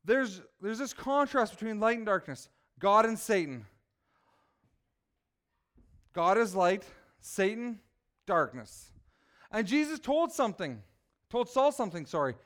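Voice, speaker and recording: A man preaching a lively sermon that asks the listeners questions. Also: sits high, measured pace, pauses often. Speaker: children's preacher.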